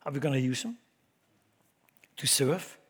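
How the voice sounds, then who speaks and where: A man preaching a sermon to his congregation, swinging between loud emphatic declarations and low asides, often repeating words and asking the room questions. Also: lively intonation, unhurried, husky. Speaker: pastor. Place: church.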